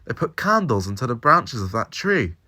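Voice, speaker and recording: A man doing a wary young Highland lad with a thick Scottish accent. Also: sing-song, moderate pace, pushed and bright, exaggerated voice. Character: young male Highland companion, wary, quick to annoyance.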